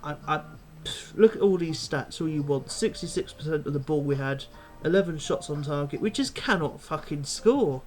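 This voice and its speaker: A man's voice: on the high side, animated, moderate pace, few pauses. A young man, a football fan vlogger, angrily ranting after a match and swearing bluntly. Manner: angry, swears a lot, blunt. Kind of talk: post-match fan rant.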